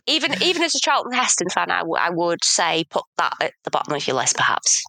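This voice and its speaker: Woman cohosting a film podcast, bright tone, hedges a lot, pokes fun at herself. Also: on the low side, very animated, fast talker, gravelly, no echo. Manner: thoughtful, hedging, self-mocking. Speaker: podcast co-host. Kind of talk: casual film review chat.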